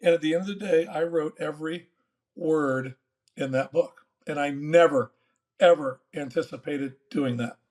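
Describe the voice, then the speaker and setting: An older man with a slightly high voice tells a long story in an interview. He is folksy and animated, and he acts out the other people's lines as he goes. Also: normal speed. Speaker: guest, former baseball manager.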